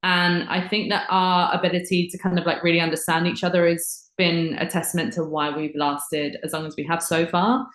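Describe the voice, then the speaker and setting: A woman's voice: lowish voice, little pitch movement, moderate pace, hardly any pauses, a bit bright. A young woman with a London English accent, chatting casually as a podcast guest, swearing freely and filling her talk with "like.". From England. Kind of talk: casual chat. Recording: roomy echoey sound.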